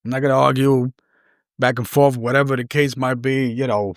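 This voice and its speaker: A man's voice: mid-range voice, fairly even intonation, moderate pace, dry recording, clean studio sound. A man, hosting a podcast and telling a personal story in an earnest, rambling, conversational way. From New York City. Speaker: podcast host.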